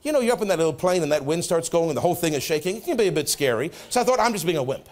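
A middle-aged man, a pastor preaching a sermon in a church, telling a personal story and acting out the dialogue, going soft and low for quoted words. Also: very fast. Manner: animated storytelling, acts out prayers and dialogue, drops soft for quotes. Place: church sanctuary.

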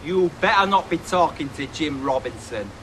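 A man's voice: fairly high pitch, expressive, moderate pace, pushed and bright, a little hiss or hum. An actor playing a brash, boastful and crude young man in a comedy sketch, full of cheeky insults. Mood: ranting. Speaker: comic character.

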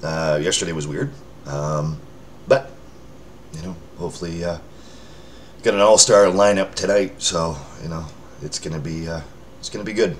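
Low-voiced guy rambling on a casual check-in video, jokes at himself, faint hiss behind. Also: moderate pace. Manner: rambling, self-mocking, with filler words and restarts. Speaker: vlogger checking in with followers. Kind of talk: casual rambling chat to camera. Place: indoors under a lamp near a window.

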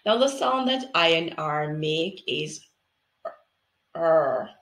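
A woman teaching reading with phonics, speaking slowly and clearly in an encouraging way. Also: deep voice, animated, fairly bright tone, echoey room. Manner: slow, enunciated, encouraging. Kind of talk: phonics tutorial for parents.

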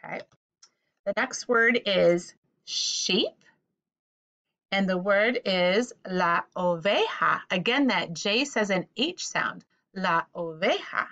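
Slow, patient woman teaching vocabulary. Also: medium pitch, expressive, fairly bright tone, dull audio. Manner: patient, repeats each word for the listener to echo. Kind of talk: vocabulary lesson for children.

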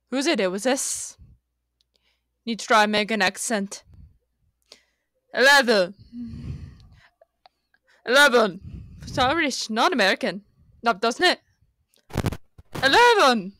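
A woman's voice: a little high, lively intonation, slow pace, long pauses, no echo, clean studio sound, exaggerated voice. Woman doing a furious Scottish woman trapped in a lift. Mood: exasperated. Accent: put-on Scottish. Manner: exasperated, building to furious yelling. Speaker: fan dub voice actor. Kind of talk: comedic fan dub acting. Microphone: close, hot mic.

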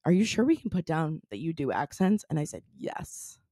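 A woman's voice: deep voice, sing-song, quick pace, warm tone, no room sound, clean studio sound. A young woman hosting a casual podcast chat, bubbly and laughing often. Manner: bubbly, laughs often, puts on silly accents. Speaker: podcast host.

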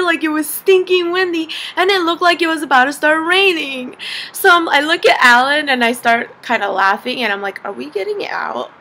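A young adult woman vlogging, telling a story in a casual, animated way, laughing often and saying "like" a lot. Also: high voice.

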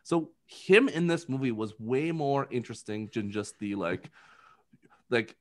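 A man's voice: medium pitch, expressive. A man co-hosting a podcast, talking through a movie review in casual chat, rambling and full of filler words. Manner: rambling, heavy on filler words, jumps into quick impressions. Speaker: podcast co-host.

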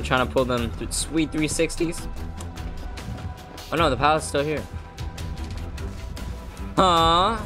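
Young male streamer, wired and excitable, swears a lot, very lively pitch. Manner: hyper, excitable, swears often. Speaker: gaming streamer. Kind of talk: hyped gameplay commentary.

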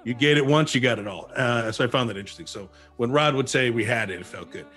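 Fast and mid-range in pitch, the voice belongs to an actor guesting on an interview show, chatting informally and telling spirited stories that keep restarting. Music is faintly audible behind him.

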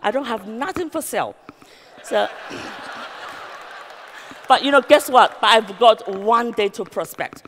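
A woman's voice: fairly high pitch, slow, long pauses, slight background noise. Chinese-accented woman speaking in a large hall. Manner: lively anecdotes, many "you know" fillers, acted quotes. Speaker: real estate agency founder giving a conference speech. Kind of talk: conference keynote storytelling. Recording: long reverb of a large hall.

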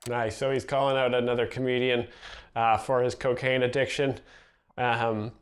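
A man calmly explaining context, pausing on fillers. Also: medium pitch, a little hiss or hum. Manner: measured, hesitant with fillers. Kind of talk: explanatory commentary.

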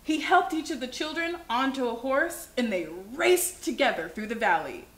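A woman hosting a children's livestream, reading a picture book aloud with animated expression. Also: high-pitched, normal speed. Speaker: children's show host. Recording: echoey room.

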